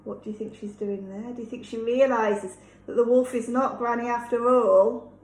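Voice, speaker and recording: A woman, a teacher reading a storybook aloud to children, gently explaining and asking them questions. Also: fairly high pitch, fairly even intonation, moderate pace. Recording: echoey room.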